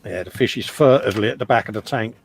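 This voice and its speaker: A man's voice: fairly low pitch, quick pace, vocal fry, slight background noise. A man from England co-hosting a live stream, bantering casually, laughing often and calling people mate. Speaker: co-host reading live chat.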